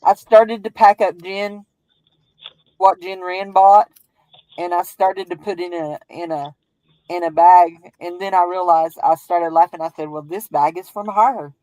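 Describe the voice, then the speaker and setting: A woman's voice: on the low side, fairly even intonation, a little slow, warm tone, no echo, low-quality recording. A woman with a Southern US accent who hosts a crafting stream, chatting casually in a rambling, folksy way and laughing often. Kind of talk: casual chat while crafting.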